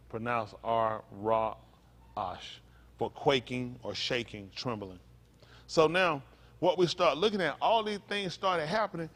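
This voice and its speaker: In a loose, conversational sermon, a male pastor with a mid-range, fairly bright voice asks the congregation questions. He stops to spell out Hebrew words slowly.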